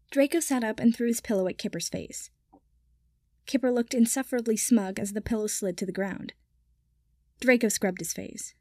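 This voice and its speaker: A woman reading fiction aloud in calm, even narration. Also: mid-range voice, normal speed, no echo, clean studio sound. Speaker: audiobook reader.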